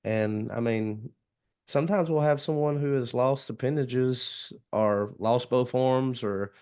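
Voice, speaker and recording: A man's voice: medium pitch, slow, a little mellow, clear, resonant tone. A man with a Southern US accent hosting a casual podcast chat, talking earnestly and easily, with folksy comparisons. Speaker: podcast host.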